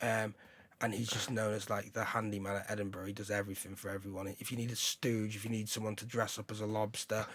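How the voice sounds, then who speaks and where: Man, comedian, excitable, rambling, very dry sound. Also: lowish voice, quick pace, no echo. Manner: excitable, rambling, bursts of shouting and laughter. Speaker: stand-up comedian guest. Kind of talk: casual chat.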